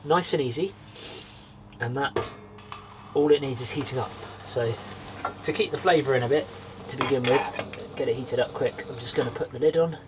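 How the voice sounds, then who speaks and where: A man from Britain vlogging from a small wood cabin with a stove, chatting in a relaxed way and talking straight to his viewers. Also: medium pitch, a little hiss or hum. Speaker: outdoors vlogger. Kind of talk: casual vlog to camera.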